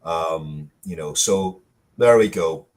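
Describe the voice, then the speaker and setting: A man's voice: rumbling low, takes it slowly. A man producing an audio drama, chatting casually and rambling, stopping often with fillers and restarts. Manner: rambling, hesitant, with many fillers. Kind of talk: casual live-stream chat.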